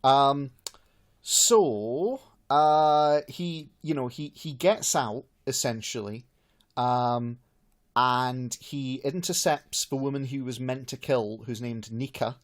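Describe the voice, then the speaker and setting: A man's voice: medium pitch, slow. Chatty man recapping a film plot. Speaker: podcast host. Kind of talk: casual podcast chat.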